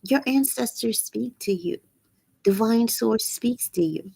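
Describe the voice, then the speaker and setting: Woman host, raspy, earnest and preachy; unhurried delivery, dry sound. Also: on the high side, dark tone, dry recording. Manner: earnest, preachy, repeats phrases for emphasis. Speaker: channel host. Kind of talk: live-streamed spiritual talk.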